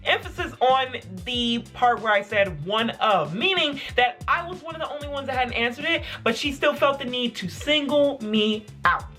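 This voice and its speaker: A young adult vlogger telling childhood stories in casual, animated chat, full of "like". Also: sits high, moderate pace, few pauses, faint music behind. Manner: animated, filler-heavy with frequent "like". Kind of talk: casual storytelling to camera.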